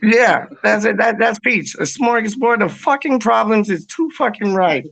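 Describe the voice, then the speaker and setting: A man hosting a casual fan chat, excitable and sweary, often repeating himself as he recovers from a long illness. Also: high voice, normal speed, vocal fry, no echo.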